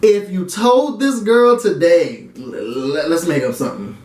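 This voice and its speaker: A man's voice: on the high side, unhurried, roomy sound, a little hiss or hum. A man giving a casual recap and review of a reality show, dramatic and slangy, talking straight to his viewers. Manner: animated, dramatic and slangy, talks to viewers directly.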